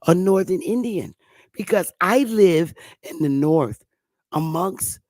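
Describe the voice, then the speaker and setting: A woman's voice: low voice, darkish tone, breathy edge, dry recording. A woman in her fifties with a Connecticut accent, hosting a talk show and lecturing viewers in an emphatic, repetitive way. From Connecticut, USA. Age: 50s. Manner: emphatic and repetitive, drawing words out. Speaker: show host.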